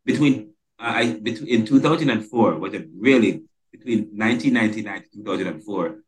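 A man's voice: lowish voice, a little fast. A man from the Caribbean hosting a podcast interview, talking emphatically and stressing single words with many restarts. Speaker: podcast host. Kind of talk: casual interview conversation.

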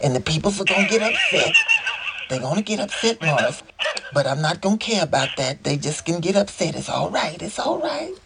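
A man's voice: high-pitched, sing-song, brisk, creaky, heavy background noise, voice pushed up, heavily acted. A man doing an impression of a famous male musician, in a playful, drawling, teasing voice.

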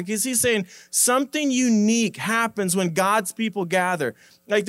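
High-voiced man preaching conversationally. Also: a bit bright, no echo. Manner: conversational, repeats words, emphatic slow quoting of scripture. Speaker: pastor. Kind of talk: sermon.

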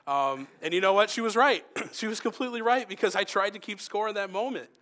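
A man preaching a sermon in an earnest, conversational way, rising for emphasis and softening for quoted asides. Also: high voice, a little fast.

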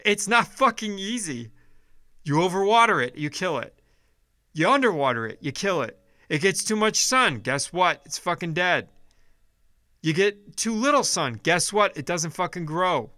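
A man's voice: high voice, lively intonation, moderate pace, bright, forceful tone, no echo. A man delivering a blunt, profane, exasperated casual rant, often restarting his sentences.

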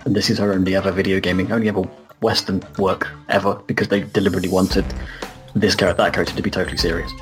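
Low-voiced man explaining things. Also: little pitch movement, very fast, faint music behind. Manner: explanatory, informative. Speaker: podcast co-host. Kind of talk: casual discussion.

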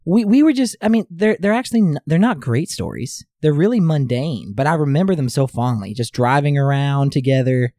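A young man co-hosting a podcast, telling a memory in a measured, deliberate way. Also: on the high side, animated, mellow, dry recording, clean studio sound. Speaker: podcast co-host. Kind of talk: casual chat, reminiscing.

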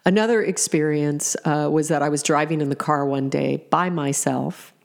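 Low gravelly middle-aged woman. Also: normal speed. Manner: reflective, with fillers and restarts. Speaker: parent telling stories. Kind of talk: personal storytelling.

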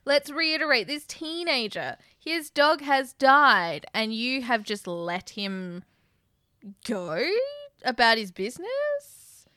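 A woman recapping a film in a lively, giggly casual chat, acting out the characters' lines. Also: on the high side, slow pace, no room sound, clean studio sound. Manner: animated, giggly, acts out quotes. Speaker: podcast co-host.

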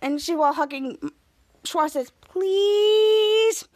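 A woman's voice: sits high, normal speed, fairly bright tone. A young woman casually recapping a TV episode, acting out the characters' lines with gasps and shifting voices. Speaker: podcast host recapping a TV episode.

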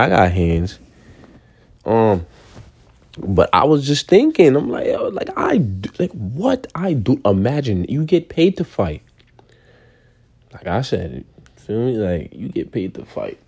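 A young man from New rants in a loose, slang-heavy way. His voice is dark and mellow but swings wildly in pitch, jumping into squeaky outbursts. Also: takes it slowly, pauses often, slightly rough. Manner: animated, slangy, sudden high-pitched outbursts. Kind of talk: casual rant to camera.

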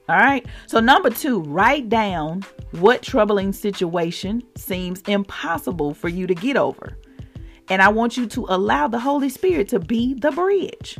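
Southern lady on a faith podcast, lively up and down voice, calling out to y'all, soft music behind. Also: medium pitch, moderate pace. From Mississippi, US South. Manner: animated, exhorting, addresses listeners as y'all. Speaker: podcast host, faith encourager. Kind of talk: informal devotional podcast talk.

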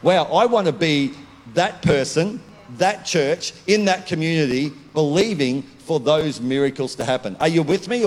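A man preaching a sermon as a pastor, loud and declaring, swinging from calm talk to shouting. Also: on the high side. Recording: long hall reverb.

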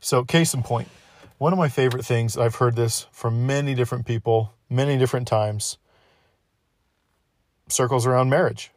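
A young man hosts a late-night podcast alone, talking off the cuff in a rambling, sarcastic way. He is a little sick, his throat sore. His mid-pitched voice sits close to the mic in a dry, dead room. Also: fairly even intonation, normal speed, dry recording. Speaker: podcast host.

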